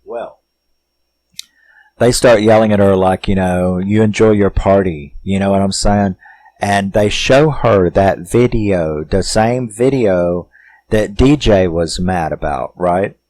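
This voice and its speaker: A man with a lowish voice talks through a horror movie at an unhurried, drawn-out pace. His review is loose and rambling, peppered with curses and filler words, and he chuckles along as he goes. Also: darkish tone, dry recording, rough recording. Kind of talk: casual film review monologue.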